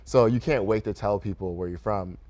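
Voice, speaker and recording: Speaking quickly in a darkish, fairly low voice, a young man from Grand Rapids, Michigan, sits in a radio studio as an interview guest who runs a restaurant. The conversation is loose and easygoing, full of laughter and casual words like "kinda" and "right?"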